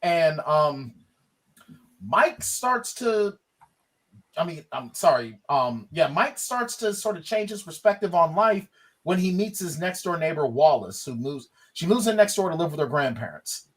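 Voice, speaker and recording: A man's voice: fairly high pitch, expressive, measured pace. A man co-hosting a podcast, chatting enthusiastically about films and rambling a little with fillers. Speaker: podcast co-host. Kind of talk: casual film review chat.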